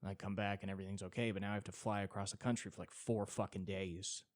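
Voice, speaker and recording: A man's voice: low voice, little pitch movement, fast, no echo, studio quality. Exasperated man ranting in a solo comedy bit. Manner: rambling, exasperated, swearing riffs. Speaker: stand-up comedian and podcast host.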